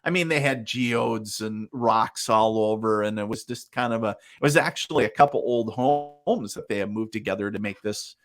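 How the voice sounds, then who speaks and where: A fairly low-pitched man talks at a moderate pace with hardly any pauses. As a psychic medium under interview, he narrates casually, dramatizes what others said, and laughs often.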